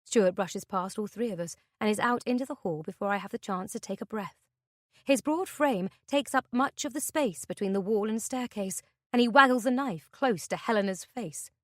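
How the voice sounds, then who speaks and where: A woman reading a thriller audiobook in the first person, with a tense, measured delivery. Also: mid-range voice, dry recording, studio quality. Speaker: audiobook narrator. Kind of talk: scripted narration.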